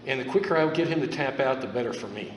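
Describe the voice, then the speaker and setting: A man coaching a grappling class on the mat, in a loose, repetitive style that keeps checking in with his students. His voice sits at an ordinary pitch. It is picked up from across an echoey gym with a long reverb tail and a faint hiss underneath. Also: animated, fast, far from the mic. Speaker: judo instructor.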